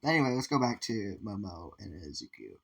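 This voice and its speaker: A man's voice: lowish voice, sing-song, brisk, vocal fry, breathy edge. Rambling man improvising a story. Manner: rambling, laughing often, many restarts. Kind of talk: improvised fan-fiction storytelling.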